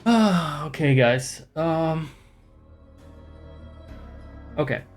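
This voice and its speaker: A man's voice: on the high side, animated, drawn-out words, faint music behind. A man streaming live and chatting casually with viewers, rambling, sarcastic and profane.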